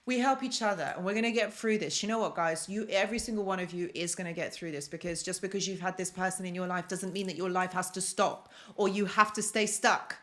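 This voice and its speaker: A woman's voice: fairly low pitch, steady tone, fast, hardly any pauses, fairly bright tone. London-born woman hosting a live stream. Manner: chatty, repeats phrases for emphasis, reads out viewer comments. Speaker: host of a self-help live stream. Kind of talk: casual live-stream coaching talk.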